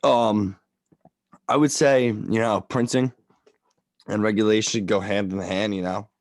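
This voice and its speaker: A man with a very low voice, recorded dry and close with no room sound. He chats casually about economics in a slangy, relaxed and opinionated way, like a podcast co-host. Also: unhurried, no room sound.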